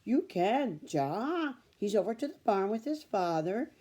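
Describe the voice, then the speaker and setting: A woman's voice: mid-range voice, very animated, unhurried, warm tone, voice pushed up. A woman voicing a plump, welcoming older farm wife with a German accent and homey broken English. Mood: friendly.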